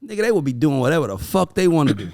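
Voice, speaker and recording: Gravelly, profane man telling stories. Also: on the high side, very fast. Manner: animated storytelling, acting out his kids' voices; profane, emphatic. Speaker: podcast host. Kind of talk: casual chat.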